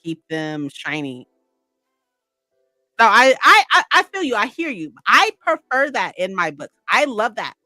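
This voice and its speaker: A rambling, gushing woman talks casually to her livestream viewers. Her voice is bright and forceful, recorded close and dry, with faint music underneath. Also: a little high, very animated, moderate pace, few pauses, no room sound. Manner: gushing, rambling, many "like"s and "right?". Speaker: streamer.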